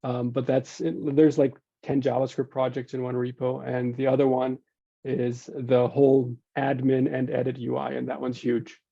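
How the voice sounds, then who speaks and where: A man with a gravelly, very dark voice explains a large software project casually, circling back and restarting phrases as he thinks. The sound is dry and a little dull, like a video call microphone. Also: medium pitch, little pitch movement, moderate pace, no room sound.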